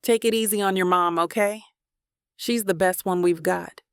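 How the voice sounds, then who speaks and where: A loving husband with a low, gentle murmur, read by a woman narrator in a romance audiobook. The voice has a gravelly edge and sits close and dry. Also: steady tone, normal speed, no room sound, close to an everyday voice. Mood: tender. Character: tender, teasing loving husband, adult man.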